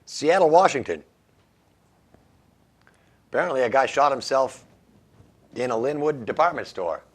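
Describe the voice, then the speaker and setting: A man's voice: medium pitch, sing-song, measured pace. A man hosting a radio show, reading odd news stories and making wry jokes about them, laughing at his own lines. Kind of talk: casual comedic news commentary.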